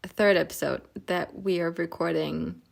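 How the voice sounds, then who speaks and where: A woman's voice: on the low side, fairly even intonation, moderate pace, gravelly. A woman co-hosting a casual podcast, chatty and easygoing, laughing often. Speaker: podcast co-host. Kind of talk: casual chat. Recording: remote call.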